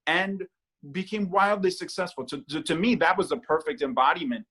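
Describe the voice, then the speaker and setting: High-voiced man telling a story. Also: fairly quick, fairly bright tone, husky. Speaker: guest artist. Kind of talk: interview answers.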